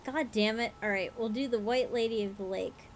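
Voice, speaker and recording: A woman's voice: on the high side, normal speed, slight background noise, low-quality recording. A woman hosting a livestream, reading spooky stories aloud and breaking off for frank, profane chat while she has the hiccups and feels tired. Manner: frank and profane, with laughing asides. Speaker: livestream host.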